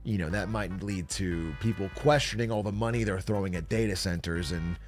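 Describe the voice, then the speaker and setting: A man's voice: low voice, brisk, soft background music. A man hosting a livestream, reacting in a casual, joking and profane way. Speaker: livestream host.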